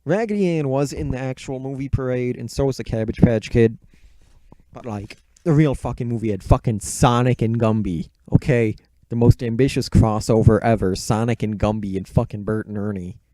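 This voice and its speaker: A man's voice: medium pitch, moderate pace, dark tone, dry recording. A man giving a casual recap of a book and movie, swearing constantly with sardonic, rambling asides.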